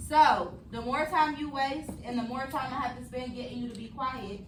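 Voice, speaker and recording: A woman's voice: high-pitched, fairly even intonation, normal speed, hardly any pauses. A woman teaching a class of children, with a firm, commanding way of talking, leading call-and-response chants. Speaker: elementary school math teacher. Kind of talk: classroom instruction. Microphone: distant camera mic. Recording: echoey classroom, far from mic, noisy.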